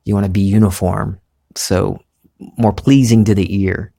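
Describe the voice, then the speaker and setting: Male podcast host, faint Southern accent, lower voice, earnest and musing spiritual monologue. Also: steady tone, a little slow, creaky, dark tone. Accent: slight Southern American. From American South. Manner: earnest, musing, thinks aloud.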